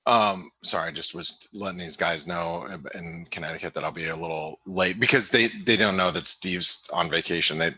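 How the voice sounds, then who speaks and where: A man hosting a webinar, giving casual market commentary in a halting way, full of restarts and fillers. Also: deep voice, pushed and bright, slightly rough, no echo. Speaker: webinar host and market analyst. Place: home office in the desert.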